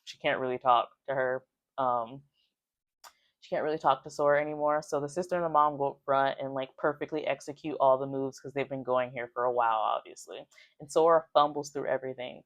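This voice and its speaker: A woman's voice: rumbling low, steady tone, a little fast, no echo, muffled recording. A woman casually recapping a book's chapters in a chatty way, full of "like" fillers and bits of acted-out quotes. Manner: chatty, with many "like" fillers, acting out quoted lines. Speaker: book reviewer.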